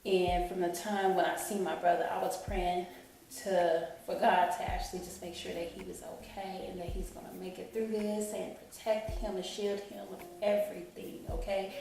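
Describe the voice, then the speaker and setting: A woman's voice: fairly low pitch, level tone, moderate pace, gravelly, a little mellow, a little hiss or hum. A woman telling an emotional personal story in a rambling storytime vlog, often saying "you know what I'm saying". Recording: echoey room, distant mic, faint music.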